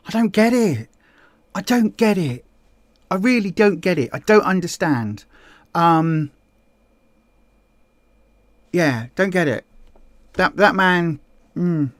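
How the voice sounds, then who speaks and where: A woman's voice: on the low side, dry recording. A woman with a southern English accent hosting a casual livestream, chatting and reading out viewer comments in a rambling, friendly way. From Hampshire, England. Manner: chatty, rambling, with frequent ums and repeated words. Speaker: host.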